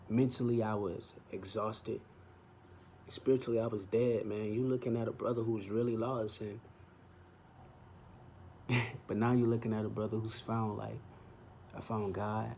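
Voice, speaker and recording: A man's voice: fairly low pitch, a little mellow, a little hiss or hum. A young man hosting his vlog, speaking an earnest personal testimony straight to the camera. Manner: earnest, heartfelt, fond of "man". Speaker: vlog host.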